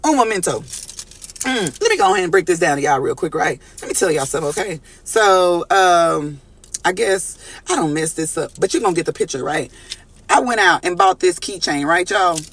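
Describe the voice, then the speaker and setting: A man giving an animated, slangy collective tarot reading from a studio, calling out to his viewers. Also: high-pitched, normal speed, slight background noise. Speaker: tarot reader.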